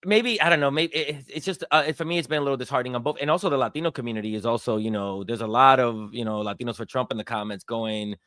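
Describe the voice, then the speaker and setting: A man's voice: medium pitch, fast, few pauses, fairly bright tone, clear, resonant tone, no room sound, clean studio sound. A man guesting on a chat show, talking loosely and acting out what others say. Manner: conversational, quotes others in put-on voices. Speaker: guest comedian. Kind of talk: casual chat.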